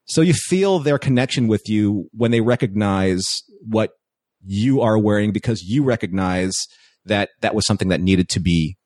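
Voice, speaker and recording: A man's voice: on the low side, lively intonation, moderate pace, darkish tone, dry recording, clean studio sound. A man casually telling a long story, with restarts and quoted dialogue along the way.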